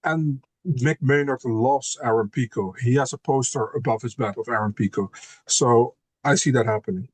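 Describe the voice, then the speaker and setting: A man's voice: medium pitch, normal speed, slightly rough, no echo. A man speaking as a guest fight analyst in a casual podcast chat, blunt and given to swearing, with frequent restarts and repeated words.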